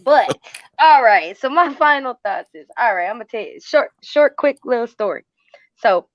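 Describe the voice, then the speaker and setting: A woman with a Southern country twang, co-hosting a casual panel show and telling stories in a loud, boisterous, laughing way. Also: a little high, animated, moderate pace, dry recording, muffled recording. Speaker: co-host.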